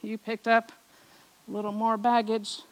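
A middle-aged woman preaching a personal testimony, telling stories from her childhood, acting out the voices she remembers and often trailing off softly. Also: a little high, flat delivery, unhurried, low-quality recording. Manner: storytelling, acts out remembered voices, drops soft at ends of lines. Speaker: speaker at a church service.

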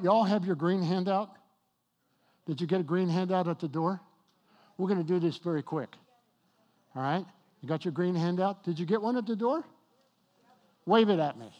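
A man preaching a sermon as pastor, emphatic, slowing down on key points and joking with the congregation. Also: high-pitched, a little mellow. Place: church with congregation.

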